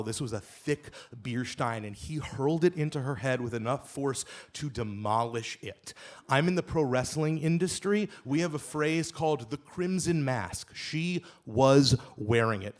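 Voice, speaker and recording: Guy telling a wild story live on stage into a mic, mid-pitched, punchy and funny, gets loud on the big beats. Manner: emphatic, comic delivery, rising to shouts at punchlines.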